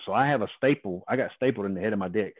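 Man in his 50s, low-pitched, phone-line guest spinning colorful, profane wrestling yarns, dry sound. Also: very fast, no echo. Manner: profane, animated, acts out other people's lines. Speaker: guest, former pro wrestler. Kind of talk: casual storytelling.

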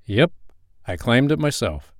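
A man's voice: mid-range voice, sing-song, unhurried, no room sound, studio quality. A man voicing a confident, playful young man in an audio story, speaking in a jokey, upbeat and somewhat commanding way. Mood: teasing.

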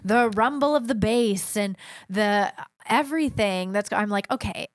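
A woman's voice: mid-range voice, unhurried, no room sound, clean studio sound. A woman co-hosting a podcast speaks in a candid, wry, skeptical way during casual conversation.

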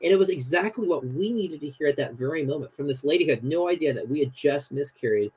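A young man, a guest on a podcast, telling a story in a casual, animated way with lots of fillers. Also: on the high side, quick pace, husky, low-quality recording.

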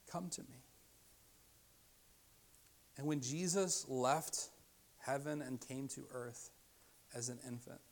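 A middle-aged man, a pastor, preaching a sermon, dropping to a hushed softness for quoted invitations and rising loud at his most emphatic points. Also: mid-range voice, creaky.

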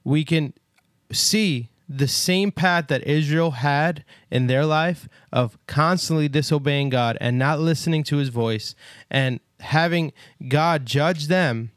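A man's voice: fairly high pitch, takes it slowly, clear, resonant tone, no room sound, studio quality. A man co-hosting a casual Bible discussion podcast, talking earnestly and emphatically, often checking in with "right?". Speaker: podcast co-host.

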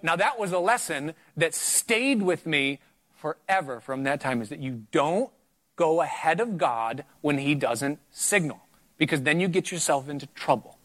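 A middle-aged man preaching in a conversational way, telling a personal story with earnest emphasis that climbs higher at key points. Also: animated, moderate pace, fairly bright tone. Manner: earnest, anecdotal, rises in pitch for emphasis. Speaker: preacher sharing testimony.

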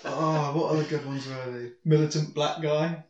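A man co-hosting a podcast in casual chat, crude, laughing and excitable as he retells sketches. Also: fairly high pitch, normal speed, reverberant, dull audio. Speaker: podcast co-host.

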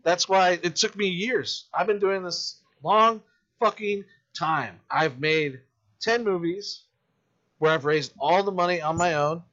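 A man who makes independent films, telling stories in casual podcast chat, animated and full of swearing. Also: sits high, measured pace, dull audio. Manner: profane, animated storytelling. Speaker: independent filmmaker.

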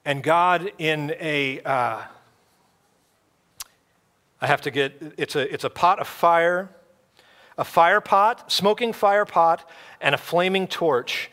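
Male pastor, sermon delivery, slightly high and bright, relaxed conversational preaching. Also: takes it slowly, pauses often. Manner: casual, conversational preaching with playful quoted voices. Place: church.

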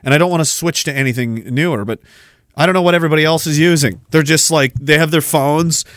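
A man's voice: on the high side, a bit bright, no room sound. A man in his thirties hosting a podcast, ranting in a sarcastic, profane way. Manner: sarcastic, profane, fast-shifting rant. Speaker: podcast host.

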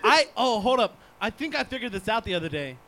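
A man with a high voice steers a live podcast in a laid-back way, calling up audience members. Clear crowd murmur fills the room behind him. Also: very animated, brisk. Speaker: live show host running audience questions. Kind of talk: live-show hosting. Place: live show venue with audience.

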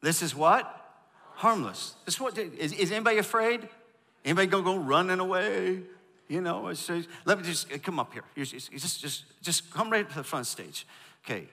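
Joking pastor with a bright voice in a big hall. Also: male voice, on the high side, expressive, moderate pace, husky. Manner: joking, calls for audience responses. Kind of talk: sermon. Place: large church auditorium.

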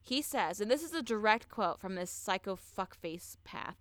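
Bright-voiced woman telling true crime. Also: mid-range voice, expressive, normal speed, no echo. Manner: blunt and profane, with many fillers. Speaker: podcast co-host telling a true-crime story. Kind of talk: casual true-crime podcast chat.

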